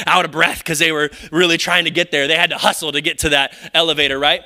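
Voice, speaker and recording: A high-voiced man with a strikingly bright, forceful tone delivers a sermon from the pulpit. He preaches in an animated, conversational way, peppering his points with rhetorical questions to the congregation. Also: quick pace, hardly any pauses. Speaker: pastor. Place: church sanctuary.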